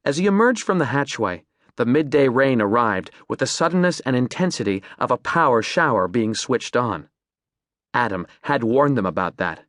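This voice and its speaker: Lively male audiobook narrator. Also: mid-range voice, no echo, studio quality. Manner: measured, descriptive storytelling. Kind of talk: scripted narration.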